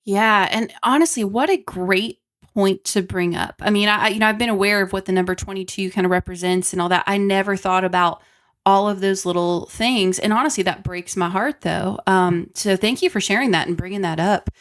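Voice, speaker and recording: A woman hosts a podcast interview at an everyday, mid-range pitch. She speaks with admiration for her guest, stumbling over and repeating words as she builds her questions. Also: fairly quick. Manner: warm, admiring, repeats words while searching. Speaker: podcast host. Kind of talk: casual interview talk.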